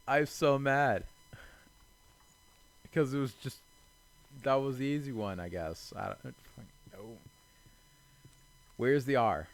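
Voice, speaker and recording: A young man talks his way through a game in casual let's-play commentary, in a voice of ordinary pitch for a man. He sounds exasperated and mocks himself, drops into low mutters, then bursts out loudly. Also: slow, long pauses. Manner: exasperated, self-mocking, swinging between mutters and loud outbursts. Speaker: gaming channel host.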